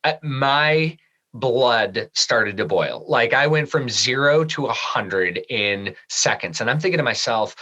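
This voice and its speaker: A middle-aged Michigan man, a guest on a podcast, tells a personal story in an interview. He's lively in the telling but drops soft and low at the serious moments, speaking at a moderate pace on a rough recording.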